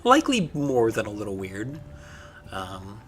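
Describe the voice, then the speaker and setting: A man narrating a tabletop game as game master, unhurried, with many filler ums. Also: fairly low pitch, huge pitch swings, a bit bright, slight background noise.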